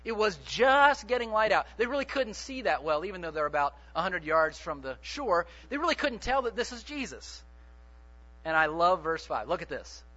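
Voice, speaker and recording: A man preaching a sermon in an animated, joking way, often putting questions to the congregation. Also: sits high, highs cut off.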